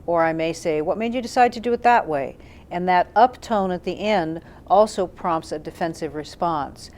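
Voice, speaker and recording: A woman communication trainer explaining her ideas in a thoughtful, unhurried talk with frequent "um" fillers. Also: fairly low pitch, darkish tone, slight background noise. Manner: thoughtful, demonstrates questions with tone shifts, frequent um and uh fillers.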